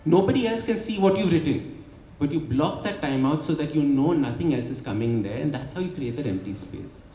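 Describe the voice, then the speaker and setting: His voice sits on the high side, warm in tone, brisk and expressive, as this author and habit coach walks an audience through his ideas at a book launch. He keeps asking "right?" rhetorically. The event hall sounds echoey, with light ambience.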